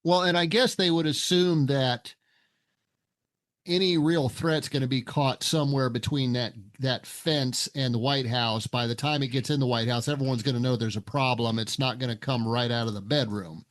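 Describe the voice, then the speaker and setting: A man hosting a podcast interview, relaxed and hesitant, asking questions with many fillers. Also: mid-range voice, moderate pace. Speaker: podcast host. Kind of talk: casual interview chat.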